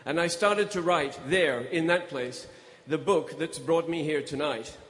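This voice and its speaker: A man giving a storytelling speech on stage as a guest speaker, in a measured, grave way. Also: fairly high pitch, fairly bright tone. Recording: echoey hall.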